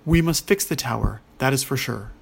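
A man's voice: medium pitch, lively intonation, normal speed, creaky, slightly rough, heavily acted. A man voicing a commanding young princess who speaks graciously and takes charge.

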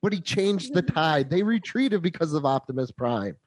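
A man's voice: fairly high pitch, lively intonation, moderate pace, darkish tone, no room sound. Guy in his 30s geeking out over an old movie, dry close sound, easygoing chat. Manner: enthusiastic, nostalgic fan talk. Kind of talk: casual chat.

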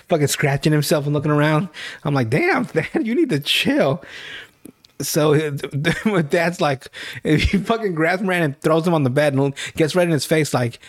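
A man hosting a podcast, casually recapping a show in a profane, rambling storytelling way. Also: a little high. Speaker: podcast host.

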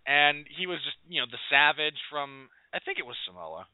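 A man's voice: a little high, very animated, brisk, clean tone, dry recording. A man hosting a podcast in casual chat, recalling details as he talks. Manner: thinking aloud, recalling details mid-sentence. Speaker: podcast host. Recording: tinny phone-like line.

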